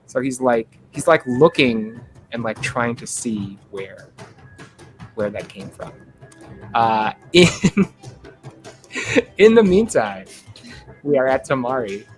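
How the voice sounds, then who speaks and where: A man running a tabletop game as game master, narrating in a halting, chatty way full of "uh" fillers. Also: medium pitch, expressive, faint music behind.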